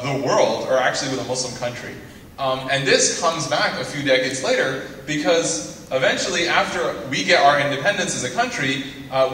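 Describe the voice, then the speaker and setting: A man's voice: medium pitch, bright, forceful tone. A young man giving a guest lecture to students, full of teasing asides and jokes. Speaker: guest speaker. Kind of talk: joking lecture to a student audience. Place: lecture hall. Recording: echoey hall from far off, faint noise.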